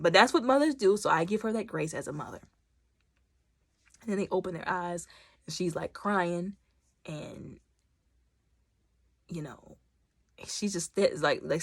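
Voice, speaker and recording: A woman chatting casually through a TV episode recap, animated and talkative, acting out bits of the scenes. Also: fairly low pitch, dry recording, clean studio sound. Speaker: YouTube TV reviewer.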